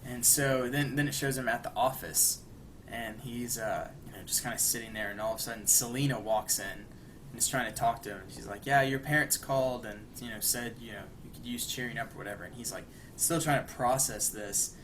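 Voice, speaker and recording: A young man co-hosting a podcast, casually retelling a cartoon episode in a rambling way, with lots of fillers and quick put-on lines for the characters. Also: medium pitch, a little hiss or hum. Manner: rambling, acts out quoted lines with animated bursts. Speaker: podcast co-host.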